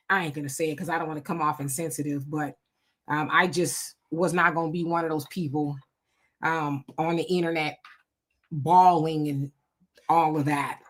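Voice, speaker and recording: A woman hosting a casual livestream, reading out viewer comments and telling animated stories. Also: on the low side. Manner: animated storytelling with frequent laughs. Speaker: livestream host.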